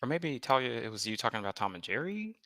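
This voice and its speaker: A man co-hosting a live chat, his bright voice swinging up and down as he jokes and laughs. The sound is close and dry, with no room around it. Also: medium pitch, very animated, quick pace, dry recording. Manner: playful, laughs often. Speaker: co-host. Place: remote live stream.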